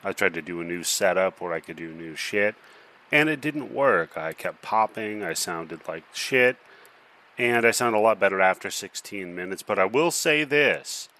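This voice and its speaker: A man's voice: low voice, expressive, moderate pace, pushed and bright. Laid-back man hosting a horror podcast. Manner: laid-back, jokey, swears casually. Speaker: podcast host. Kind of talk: casual horror podcast chat.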